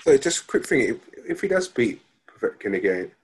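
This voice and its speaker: A man's voice: mid-range voice, big pitch swings, brisk, husky. A young man, chatting casually with laid-back comments. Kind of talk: casual chat.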